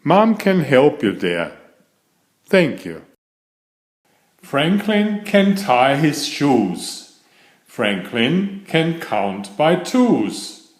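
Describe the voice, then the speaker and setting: A man reading a children's picture book aloud, slow and expressive. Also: fairly high pitch. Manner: slow, sing-song, expressive. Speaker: storybook reader. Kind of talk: children's story read-aloud. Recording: echoey room.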